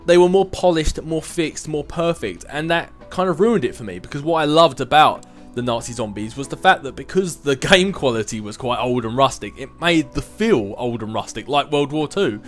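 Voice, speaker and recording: A man's voice: a little high, animated, moderate pace, hardly any pauses, soft background music. A young man in his twenties hosting a casual vlog and answering viewer questions in a rambling, chatty way, with self-mocking asides. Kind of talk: casual chat.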